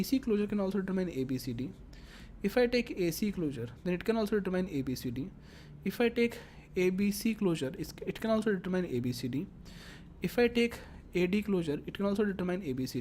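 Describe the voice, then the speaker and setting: A woman's voice: on the low side, mellow, a little hiss or hum. A woman teaching a lecture, explaining step by step and repeating her phrases as she works through examples. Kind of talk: classroom lecture.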